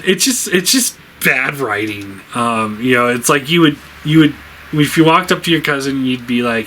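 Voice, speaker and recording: A man's voice: mid-range voice, moderate pace, sharp tone, slight background noise, rough recording. A man giving a casual spoken review, rambling with many fillers, laughing often, sounding exasperated.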